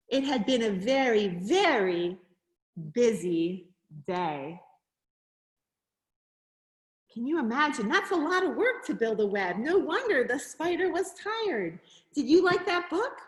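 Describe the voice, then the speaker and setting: An educator reads a picture book to young listeners in a high, sing-song voice that leaps around expressively. She takes her time, gasps at each discovery and keeps turning to the children with questions. The sound is roomy, with a clear echo. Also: big pitch swings, measured pace. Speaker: nature center educator.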